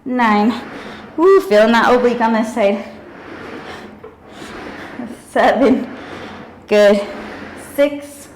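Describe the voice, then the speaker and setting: Young woman fitness instructor, counting reps and whooping, kinda out of breath, slow talker. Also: fairly high pitch, a little hiss or hum, poor audio. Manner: energetic cueing with counting and whoops. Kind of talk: workout instruction cues.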